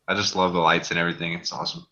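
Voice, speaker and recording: A man hosting a casual group chat, relaxed, laughing often and swearing freely. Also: deep voice, rapid-fire, lo-fi sound. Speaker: host of a group call.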